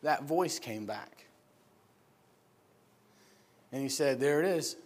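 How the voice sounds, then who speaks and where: A middle-aged man from upstate New York preaching and telling personal stories, acting out the voices in them with loud shouts and dropping to a soft low tone for serious moments. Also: slow. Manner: animated, acts out voices of people in his story with loud high shouts. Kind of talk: sermon storytelling.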